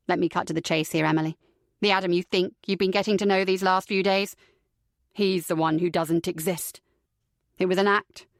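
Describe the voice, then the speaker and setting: A woman's voice: lowish voice, no room sound, studio quality, pitched below the performer's own voice, natural voice. A woman reading an audiobook, voicing a cruel, foul-mouthed young man who taunts his captive with contempt. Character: cruel sneering young man, villainous captor.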